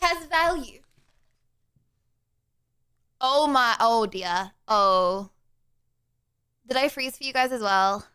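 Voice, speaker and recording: A woman's voice: on the high side, animated, slow, long pauses, sharp tone, smooth. A young woman streaming live from home, chatting casually and laughing as she fumbles through technical problems. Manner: flustered, exclaiming, laughing through tech trouble.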